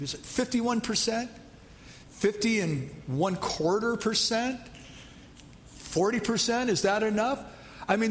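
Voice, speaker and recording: High-voiced pastor preaching conversationally. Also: male voice, long reverb tail, a little hiss or hum. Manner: conversational, asks the congregation questions. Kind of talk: sermon.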